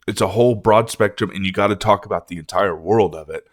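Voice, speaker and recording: Guy ranting and cussing on his music reaction channel, lowish voice, dry close sound. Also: quick pace, few pauses, no echo. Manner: ranting, profane, animated. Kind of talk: casual reaction commentary.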